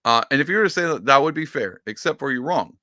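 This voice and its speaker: A man's voice: medium pitch, animated, fast talker, sharp tone, dry recording, clean studio sound. A man hosting a podcast, giving casual, rambling political commentary with sarcastic asides. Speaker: podcast host.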